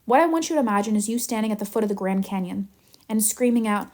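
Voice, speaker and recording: A woman manifestation coach teaching in a live Q&A, animated and chatty as she tells stories. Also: medium pitch, fast.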